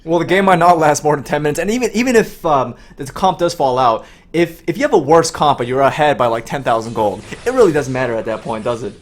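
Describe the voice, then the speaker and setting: A man with a slightly high voice rattles off quick analysis during a live esports broadcast. He explains gold leads and strategy in a rapid, steady flow. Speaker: esports co-caster.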